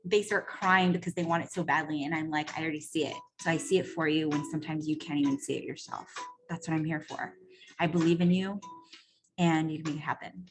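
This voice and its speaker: A woman coach telling a story in a casual, profane monologue, animated and full of "like" and "right?". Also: sits low, fairly quick, over music. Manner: animated, acts out quoted voices. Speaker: personal growth coach.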